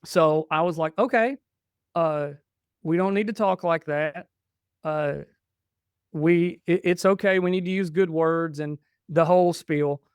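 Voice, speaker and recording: Smooth-voiced man telling family stories. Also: a little high, fairly even intonation, unhurried, dry recording. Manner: chatty, restarts and quotes himself. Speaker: podcast guest. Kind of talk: casual storytelling.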